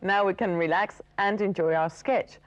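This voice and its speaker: A woman's voice: medium pitch, steady tone, moderate pace, muffled recording. A woman presenting a TV English course in a friendly, scripted teaching style.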